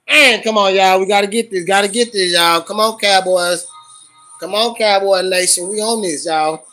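A man livestreaming his reactions to a football game, loud and profane, cheering on and scolding his team. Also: sits high, a little slow, faint music behind. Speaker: livestream host.

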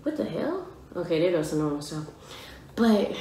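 Young female reaction vlogger, lower register, emphatic casual delivery, roomy echo. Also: moderate pace. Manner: excitable, emphatic, slangy. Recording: echoey room.

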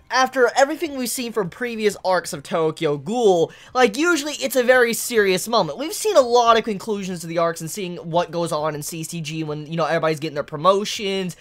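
A woman reviewing a manga chapter in casual commentary, excitable, laughing often and swearing freely. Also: fairly quick, few pauses. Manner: animated pitch jumps.

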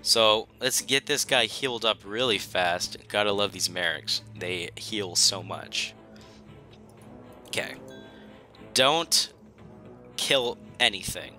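A man's voice: lowish voice, slow, pauses often, pushed and bright, faint music behind. A young man commentating his own strategy game, pleading and joking at the enemy in a dramatic, self-mocking way. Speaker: gaming YouTuber. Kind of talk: gameplay commentary.

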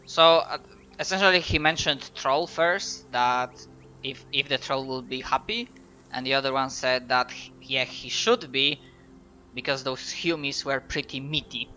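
A man's voice: mid-range voice, a little slow, sharp tone, soft background music. A man running a tabletop game as game master, narrating with hesitant fillers and self-corrections.

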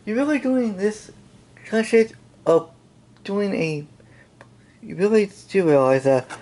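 A YouTube channel host ranting angrily at on-screen content, swearing heavily, sighing, and firing off exasperated questions in halting bursts with frequent restarts. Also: mid-range voice, a little mellow. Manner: heavy swearing, repeated exasperated questions, sighs. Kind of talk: angry ranting commentary over screen content.

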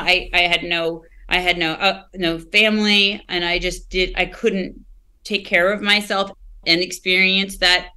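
As a podcast guest, a woman shares her personal story candidly and reflectively, often searching for words and starting over. Her medium-pitched voice is bright and forceful, with a clean tone.

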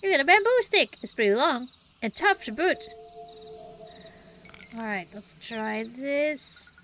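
High-voiced woman streamer reading game lines. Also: sing-song, slow pace, a bit bright, soft background music. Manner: reads lines with playful reactions. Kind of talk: reading game dialogue aloud.

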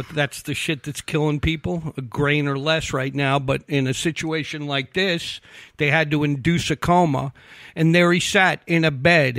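A man spins a long, profane true-crime tale on a talk show and acts out each person he quotes. His voice sits a little high for a man. It is recorded close and dry, with no room sound. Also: no echo. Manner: animated, profane storyteller acting out quotes. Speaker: investigative reporter guest. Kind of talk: casual storytelling on a talk show.

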